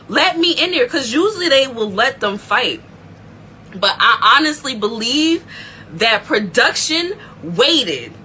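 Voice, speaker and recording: A woman hosts a casual recap, her bright voice swinging through a wide, lively range. She tells the story with excitable energy. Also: a little high, a little hiss or hum, rough recording. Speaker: aftershow recap host.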